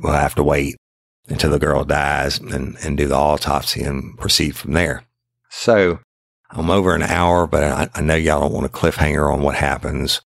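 A man's voice: extremely low pitch, no echo, clean studio sound. A middle-aged man, telling a past police case in a blunt, profane, casual podcast style and acting out the interrogation himself. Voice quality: gravelly, repetitive restarts. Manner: blunt, profane, acts out both sides of an interrogation. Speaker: retired detective telling a case.

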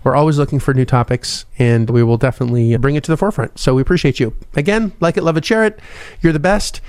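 Gravelly-voiced podcast host. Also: male voice, on the high side, fast, darkish tone, dry recording. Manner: rambling, self-deprecating, laughs often; lisp. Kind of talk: casual podcast wrap-up.

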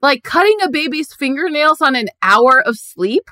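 Woman comedian guest, high bright voice, very lively pitch, chatty and self-mocking, dry close sound. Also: moderate pace, no echo. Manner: laughs often, rambling and self-mocking. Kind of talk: casual podcast chat.

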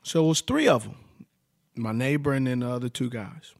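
Animated man telling a story. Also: mid-range voice, a little fast, vocal fry, no echo, studio quality. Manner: animated storytelling, acts out quoted voices, many "like" fillers. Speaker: storyteller in casual conversation. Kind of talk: casual chat.

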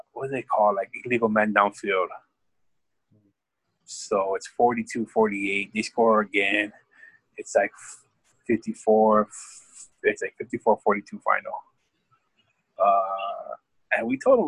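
A man telling a rambling, profane story about coaching high school football, speaking in a casual podcast chat. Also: gravelly, a bit bright, husky, dry recording, poor audio. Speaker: podcast guest.

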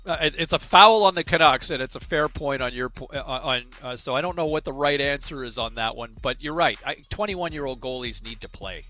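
A man's voice: medium pitch, animated, fairly quick, hardly any pauses, sharp tone, faint music behind. A man co-hosting a sports talk show, chatting casually and animatedly, often repeating words as he starts a thought. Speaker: sports radio co-host.

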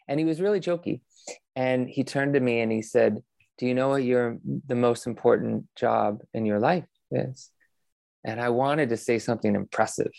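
Earnest male meditation teacher as guest, gravelly, dry close sound. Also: medium pitch, darkish tone, no echo. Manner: reflective, earnest, many fillers. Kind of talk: relaxed interview conversation.

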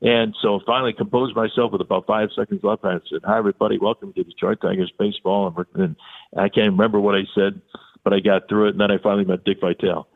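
A man's voice: lowish voice, fast talker. An older man, a sportscaster, telling stories in an interview and acting out the dialogue. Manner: animated storyteller who acts out quoted dialogue. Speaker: sportscaster, podcast guest. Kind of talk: storytelling in an interview. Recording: phone-line audio.

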